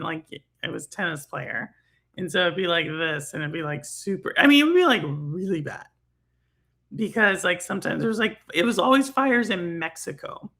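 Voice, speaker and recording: A woman's voice: lowish voice, vocal fry, pushed and bright. A middle-aged woman from Texas with a Texan accent, hosting a casual gaming talk stream and rambling with lots of fillers and laughs. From Houston, Texas. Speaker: livestream host.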